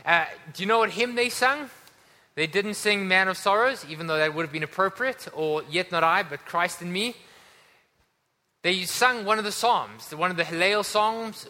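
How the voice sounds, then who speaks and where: In a church hall with long reverb, a male pastor delivers an earnest sermon pressing his congregation to respond. He has a high voice with a bright, forceful tone.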